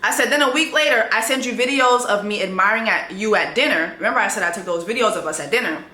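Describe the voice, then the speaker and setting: A woman's voice: medium pitch, quick pace, sharp tone, echoey room. A woman, telling a dating story in a vlog in a blunt, sassy way and reading texts aloud.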